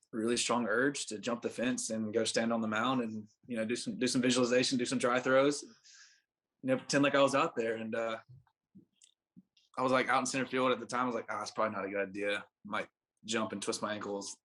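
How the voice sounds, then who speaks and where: A podcast guest who pitches in baseball, this young man in his twenties has a medium-pitched, fairly bright voice. He tells a loose, rambling story in a casual way, with plenty of fillers and dialogue he acts out.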